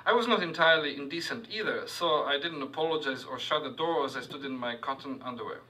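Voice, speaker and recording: A man reading his own fiction aloud to a live audience, halting on fillers and adding asides. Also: mid-range voice, sharp tone, distant mic, rough recording. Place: university reading hall with audience.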